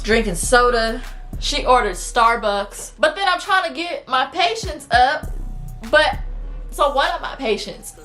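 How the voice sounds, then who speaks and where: A woman in her twenties telling a dramatic storytime to her channel, acting out what people said in a casual, lively way. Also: high voice. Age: 20s. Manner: animated, dramatic retelling with quoted voices. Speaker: vlogger.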